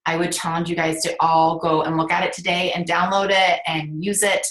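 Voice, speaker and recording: An encouraging woman co-host who speaks to listeners in a casual, upbeat way. Her voice sits a little low, and the room gives it an echo. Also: level tone, moderate pace, a bit bright. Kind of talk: casual talk to an audience. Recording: echoey room.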